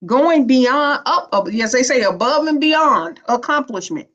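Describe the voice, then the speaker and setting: A woman's voice: high-pitched, expressive, a little slow, a bit bright. A woman, giving a spiritual teaching talk in a playful, preachy, colloquial way. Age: 50s. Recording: dull lo-fi recording.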